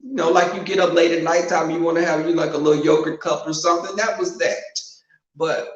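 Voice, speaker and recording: A man's voice: fairly high pitch, fairly even intonation, a little fast. A man hosting a casual live-stream chat, frank and sassy as he talks straight to his viewers. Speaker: host of a live online show. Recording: echoey, dull-sounding room recording.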